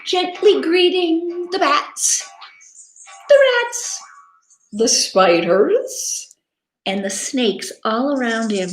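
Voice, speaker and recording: A woman reads a children's picture book aloud at an unhurried pace, her high voice swooping with expression. She gasps and invites her listeners to join in. The recording sounds echoey and roomy. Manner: animated, interactive, dramatic gasps. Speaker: teacher reading aloud. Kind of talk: children's story read-aloud. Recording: echoey room.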